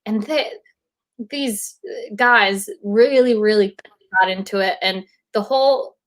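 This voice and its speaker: A woman guest on a video-call interview, telling an animated anecdote and acting out quotes. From United States. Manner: animated, acts out quotes in high voices. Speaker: guest actor. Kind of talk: casual storytelling.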